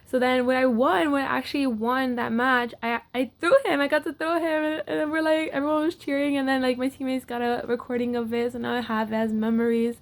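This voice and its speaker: A woman's voice: high voice, fairly even intonation, fairly quick, hardly any pauses. A young woman athlete casually telling a personal story to camera, with lots of filler words. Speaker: wrestler.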